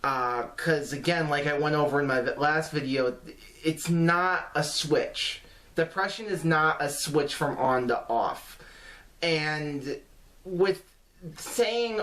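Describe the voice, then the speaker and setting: A man vlogging casual advice to camera in an earnest, halting way, with many restarts and fillers. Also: a little high, a bit bright.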